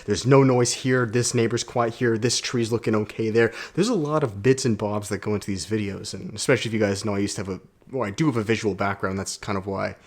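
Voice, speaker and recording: A young man, a self-development vlogger, talking casually to camera in a quiet condo room, telling a story with energy and slang. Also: fairly low pitch, steady tone, fast talker.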